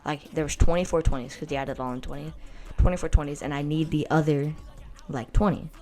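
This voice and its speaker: A teenage girl spins a story-time tale in a low voice, rambling and stuffed with "like". She talks in a blunt, boastful way, with casual asides. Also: fairly even intonation, fairly quick, warm tone, faint music behind. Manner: rambling, filler-heavy with constant "like".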